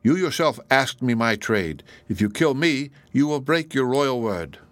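A man's voice: medium pitch, animated, unhurried, no echo, close to an everyday voice. A man voicing a humble but clever young thief in a storybook reading, speaking earnestly and pleadingly.

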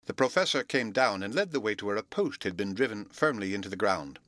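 A man reading a storybook aloud, narrating in a steady, even way between the voiced lines. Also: on the low side, brisk, few pauses, no room sound. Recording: dry close recording.

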